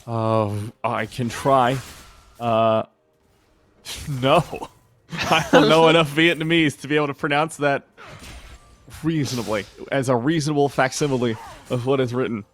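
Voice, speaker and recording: A young man giving live color commentary on an esports match, chatty and enthusiastic, his voice a little hoarse. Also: mid-range voice, unhurried, long pauses, a little hiss or hum. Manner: chatty, enthusiastic, laughs easily. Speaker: esports co-caster.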